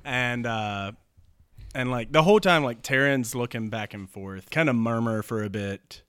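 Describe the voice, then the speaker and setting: Bright-voiced young man, animated storyteller. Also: medium pitch, moderate pace, clean tone, no echo. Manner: animated, rambling, laughing often. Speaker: storyteller in an improvised game. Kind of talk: casual improvised storytelling.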